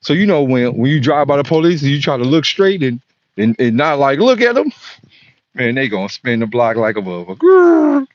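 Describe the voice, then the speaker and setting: A man delivering a profane, animated comedic monologue, often exclaiming. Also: mid-range voice, a little fast, dry recording, lo-fi sound.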